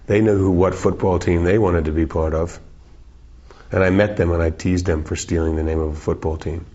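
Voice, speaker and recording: Interviewee, male, 40s, from South Africa: very low, husky voice, joking and rambling, with a muffled lo-fi sound. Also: steady tone, brisk, mellow. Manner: rambling, playful, jokey, swears freely. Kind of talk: casual interview chat.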